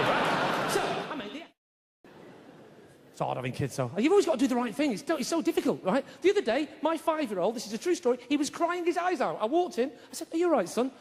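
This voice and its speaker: A middle-aged man doing stand-up comedy, chatty and forever tossing in tag questions like "right?". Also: very high voice. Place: theatre stage before an audience. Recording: long hall reverb, faint noise.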